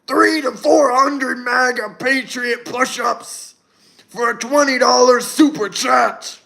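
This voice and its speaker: A young man doing an impression of a pro wrestler, hyping push-ups in a slow, drawling sing-song. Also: very high-pitched, steady tone, vocal fry, bright, forceful tone, heavily acted. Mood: hyped.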